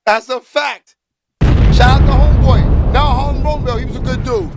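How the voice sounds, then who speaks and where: A slangy, emphatic man with a notably high-pitched voice hosts a casual commentary vlog. He talks in loose street slang and keeps circling back to the same catchphrases. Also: fairly even intonation, moderate pace, loud music behind the voice.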